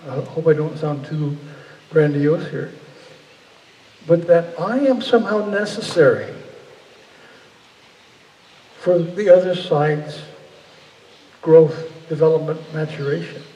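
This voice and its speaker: Man, guest speaker, earnest and searching, mellow voice, heard from a distance in a roomy hall. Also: fairly high pitch, takes it slowly, pauses often, dull audio. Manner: earnest, searching, frequent restarts. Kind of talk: reflective public talk. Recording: echoey hall from far off, faint ambience.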